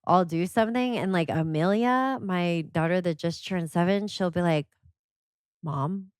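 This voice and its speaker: A woman with a somewhat low voice chatting as a podcast guest. She tells stories animatedly and leans on "like" a lot. The sound is close and dry. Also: normal speed, smooth, no room sound. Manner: animated storyteller, many "like" fillers. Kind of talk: casual conversation.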